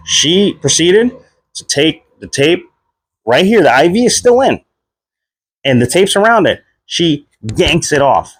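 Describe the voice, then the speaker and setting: A man in his thirties casually telling a personal story, leaping up in pitch whenever he replays his own reactions. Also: slow, pauses often, husky, no echo. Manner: animated retelling, voice jumps high when quoting himself. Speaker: vlogger.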